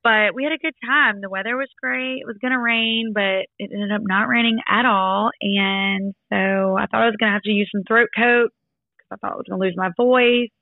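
A woman in her thirties co-hosting a casual chat podcast, a little raspy, playful and laughing as she tells stories. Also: mid-range voice, fairly even intonation, fairly quick, dry recording. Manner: playful, storytelling, laughs often. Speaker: podcast co-host. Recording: tinny phone-like remote line.

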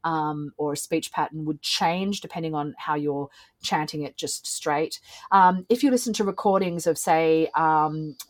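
A woman's voice: low-pitched, measured pace, low-quality recording. A woman, a podcast guest who explains things thoughtfully with frequent ums. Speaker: guest, ritualist and singer. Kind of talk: casual podcast conversation.

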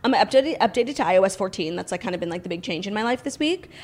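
A woman's voice: medium pitch, expressive, fast talker. A young woman co-hosting a podcast, chatting casually with lots of "like" and "um" fillers. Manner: chatty, many likes and ums. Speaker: podcast co-host. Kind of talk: casual chat.

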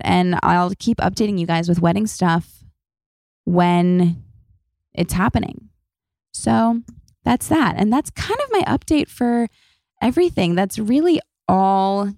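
A woman's voice: fairly low pitch, darkish tone, no room sound, studio quality. A young woman in her twenties hosting a podcast in casual, chatty talk, swearing freely and gushing at times. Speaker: podcast host. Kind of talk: casual chat.

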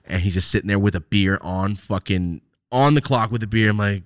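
A man hosting a podcast, telling a story in a profane, animated way and acting out both sides of the exchange. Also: lowish voice, brisk, clean tone, no echo, clean studio sound. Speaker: podcast host. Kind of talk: casual storytelling chat.

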